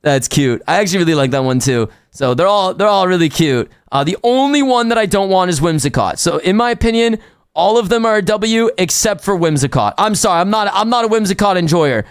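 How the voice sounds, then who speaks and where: A young man live-streaming a haul and unboxing, chatting excitedly with his viewers. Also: sits high, a little fast, clean tone. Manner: excitable, talks to chat.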